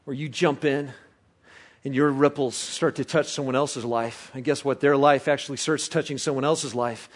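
A man preaching a sermon as pastor, telling a story with loud excited bursts that drop to quiet reflection. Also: medium pitch, normal speed. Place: church service.

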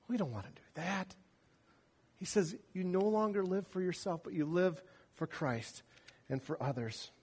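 A pastor delivering a sermon, telling a personal story with wide swings between loud emphasis and quiet asides. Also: male voice, high voice, normal speed, slightly rough.

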